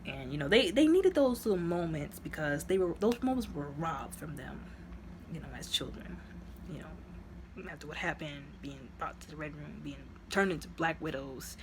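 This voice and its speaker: A woman casually retelling a movie plot as a reviewer, in a chatty, rambling way full of "like" and "you know," her voice jumping up high when excited. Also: moderate pace, a little hiss or hum. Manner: sudden jumps up into high exclaiming tones.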